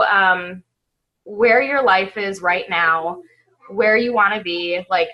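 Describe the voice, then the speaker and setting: A woman on a video call giving a heartfelt, halting recap of an event from home, stopping often to apologize. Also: mid-range voice, muffled recording. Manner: emotional, halting, tearful at times, apologizes often. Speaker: event attendee sharing a recap.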